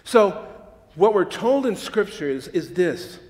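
A man delivers a sermon at an unhurried pace, his slightly high voice stressing words and often repeating them. He breaks off with quick asides to his listeners. His voice rings through a hall with long reverb. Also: very animated, darkish tone. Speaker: preacher.

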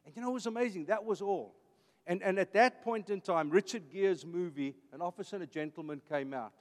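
Brisk and high-voiced, a South African pastor in his fifties preaches emphatically with an Afrikaans accent, repeating phrases for his church audience. A long reverb tail hangs after his speech.

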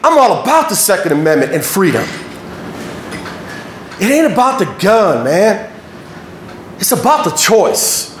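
Profane, animated male storyteller. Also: high-pitched, unhurried, long pauses. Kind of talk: personal story on stage. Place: stage in a hall. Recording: echoey hall, faint noise.

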